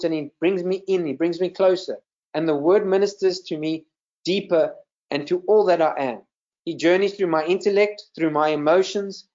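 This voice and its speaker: Man, minister, sermon, earnest, repeats words, slightly high voice, lo-fi video call audio. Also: a little mellow. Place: video call with screen share.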